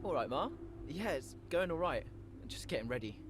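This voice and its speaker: A man voicing an easygoing young racing driver in a racing game, replying in a relaxed, low-key way. The game audio carries steady background noise. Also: moderate pace, natural voice.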